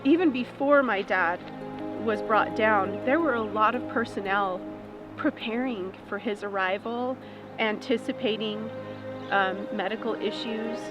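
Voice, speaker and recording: A woman's voice: mid-range voice, a little slow, highs cut off. A woman giving an emotional, reflective documentary interview. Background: music.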